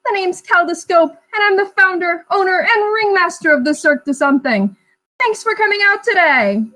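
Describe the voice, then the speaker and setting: Lady doing a peppy little cartoon ringmaster guy, high squeaky showman voice, all excitement. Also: moderate pace, exaggerated voice, poor audio. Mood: enthusiastic. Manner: high, bouncy, theatrical showman patter. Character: small cartoon ringmaster tune, male, showy and cheerful.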